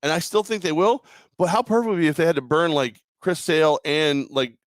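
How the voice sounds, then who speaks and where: A man's voice: a little high, brisk, dry recording, clean studio sound. A hungover man co-hosting a casual sports talk show, rambling and joking with frequent laughs. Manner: rambling, jokey, laughs often.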